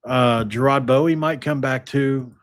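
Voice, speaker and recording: A man's voice: medium pitch, fairly even intonation, a little slow. A man hosting a sports podcast, talking casually and rambling with lots of fillers and restarts.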